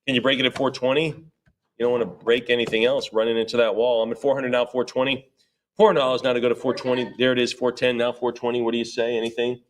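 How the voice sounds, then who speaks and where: A man's voice: mid-range voice, little pitch movement. Joking man calling an auction. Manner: rapid repetitive bid chant with joking asides. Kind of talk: live auction bid calling.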